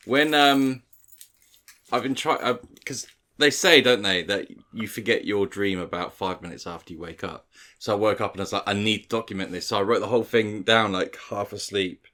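A man with a lowish voice and a bright, tense edge. He starts and restarts his sentences hesitantly and drops dry quips into the banter. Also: normal speed. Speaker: podcast co-host. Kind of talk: casual podcast banter.

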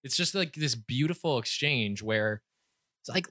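A young man co-hosting a casual book-discussion chat, enthusiastic and quick to laugh, with stumbling restarts. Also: medium pitch, expressive, bright, forceful tone, no room sound, clean studio sound. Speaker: podcast co-host.

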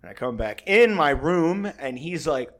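A man's voice: on the high side, expressive, moderate pace, fairly bright tone. A man telling a rambling, profane story in casual chat, acting out his own quotes along the way.

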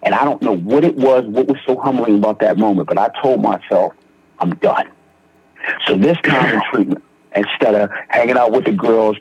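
A young man from Philadelphia recounts his path through recovery with earnest, slangy storytelling and frequent restarts. His voice is husky, and the dry, dull recording sounds lo-fi. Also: fairly low pitch, dry recording. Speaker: guest in recovery. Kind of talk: personal testimony in conversation.

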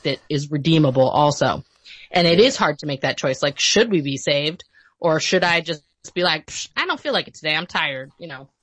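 A woman guest in casual podcast chat, animated in retelling scenes and quick to laugh, with kids of her own. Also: deep voice, no room sound.

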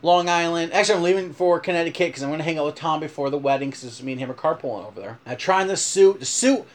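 Rambling higher-pitched man telling a story. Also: racing. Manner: animated, rambling, full of "like". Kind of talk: casual storytelling chat.

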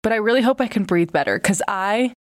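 A woman in her twenties hosts a podcast in a mid-range, animated voice at a quick pace. She sounds congested and nasal from a broken nose, and her candid, casual chat is full of fillers and swearing.

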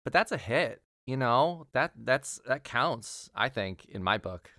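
A man reads out podcast thanks and shout-outs in a bouncy, animated voice. He sounds chatty and pokes fun at himself, and the recording is dry and close. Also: mid-range voice, a little slow, no echo. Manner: lively, chatty, laughs at himself. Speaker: game master and podcast host. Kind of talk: podcast announcements and game narration.

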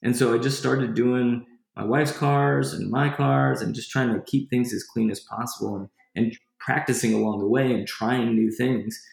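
This guest's voice is gravelly and medium-pitched, moving at a normal speed with hardly any pauses. He tells a personal story in a relaxed interview, wandering and starting his sentences over, all with lively energy. The space sounds echoey.

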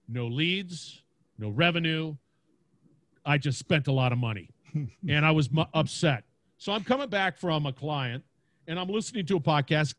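An energetic man with a big booming voice, chatting casually in a podcast interview and laughing often. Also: no room sound. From Louisiana, United States. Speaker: podcast host and guest. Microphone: podcast mic.

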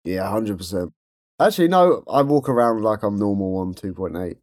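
A man co-hosting a podcast, telling stories in a casual, animated way and laughing often. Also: fairly low pitch, moderate pace, no echo, studio quality. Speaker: podcast co-host. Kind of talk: casual chat.

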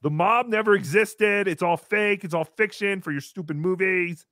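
The speaker is a man voicing a giggly, crude little green puppet that hosts a comedy livestream, reading donations and talking about himself in the third person. His cheeky voice is high and a bit bright at normal speed, recorded dry with clean studio sound.

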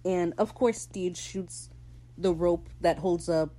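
A woman hosting a podcast, recapping a TV episode in casual, opinionated talk and slipping into quick character voices. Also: lowish voice, fairly even intonation, warm tone, poor audio. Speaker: podcast host.

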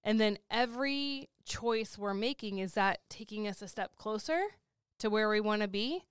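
A woman's voice: mid-range voice, moderate pace, clear, resonant tone, dry recording, clean studio sound. A woman in her forties co-hosting a casual chat. She laughs easily and rattles off lists. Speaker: podcast co-host.

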